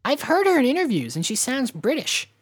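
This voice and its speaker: A woman co-hosting a podcast in casual chat, talking in a chatty, rambling way with lively reactions. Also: sits high, brisk, husky, dry recording, clean studio sound. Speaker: podcast co-host.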